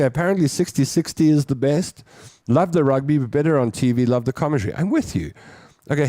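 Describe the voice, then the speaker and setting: A warm, medium-pitched male voice with clean studio sound and no room sound. He hosts a call-in show, reading listeners' comments aloud and riffing on them in a chatty, casual way.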